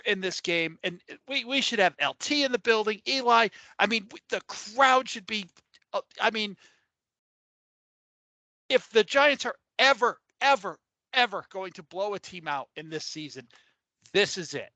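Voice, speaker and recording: A man's voice: high voice, animated, unhurried, pushed and bright, no room sound. A man co-hosting a casual sports podcast, emphatic and repeating words as he gets worked up. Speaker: podcast co-host.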